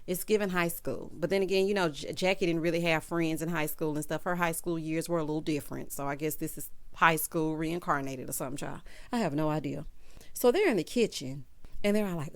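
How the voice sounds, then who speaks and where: A woman's voice: deep voice, brisk. A woman, sassily recapping a reality show in casual chat and talking straight to its cast. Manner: sassy, animated, talks straight to the people she discusses. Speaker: recap vlogger.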